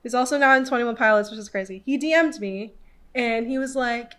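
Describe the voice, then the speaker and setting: A woman in her twenties hosting a podcast, telling a story casually with lots of "like" fillers and animated quoting of people. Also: a little high, a little fast. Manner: chatty, filler-heavy with many "like"s. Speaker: podcast host.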